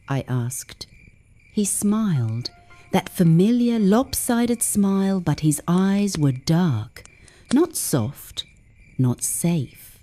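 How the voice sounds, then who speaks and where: A woman narrating a first-person story for English learners in a slow, measured way, dropping to whispers at the tense moments. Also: low-pitched, expressive, dark tone, faint music behind.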